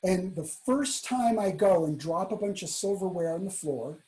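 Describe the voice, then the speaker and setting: A man telling a personal story at a talk, acting out the people he quotes in a hushed voice. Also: high-pitched, lively intonation, moderate pace, rough recording. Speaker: keynote speaker.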